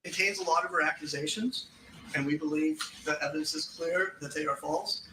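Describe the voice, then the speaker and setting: A man giving a closing argument as a defense attorney, measured and formal. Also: on the high side, pushed and bright, reverberant, a little hiss or hum, rough recording.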